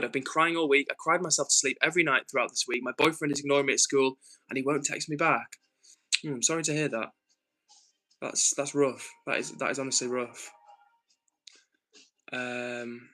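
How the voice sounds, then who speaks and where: Bright-voiced man streaming. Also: mid-range voice, rough recording. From north of England. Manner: earnest, thinks aloud with frequent ums and restarts. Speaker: livestream host. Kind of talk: casual livestream chat, reading out viewer messages.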